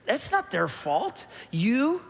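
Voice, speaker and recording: A man's voice: extremely high pitch, huge pitch swings, takes it slowly, creaky, big-room sound. A man preaching a sermon as a pastor, joking and telling stories while acting out the voices of people he quotes. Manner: humorous storytelling, quoting others in voices. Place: church hall.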